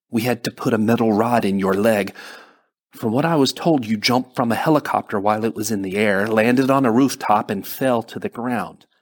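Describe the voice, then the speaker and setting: A male narrator lends his low voice to a calm hospital doctor who speaks English with a foreign accent. He explains the patient's injuries in a steady, reassuring way with a slightly husky tone. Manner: calm, reassuring bedside manner.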